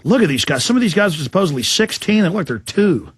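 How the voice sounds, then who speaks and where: A man's voice: high voice, big pitch swings, fast talker, breathy edge, no room sound, studio quality. A man hosting a political talk show, delivering an impassioned, ranting monologue.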